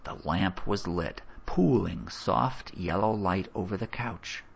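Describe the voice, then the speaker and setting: A man narrating a story in a measured, expressive way, on a dull lo-fi recording. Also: deep voice, vocal fry, slightly rough. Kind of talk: audiobook narration.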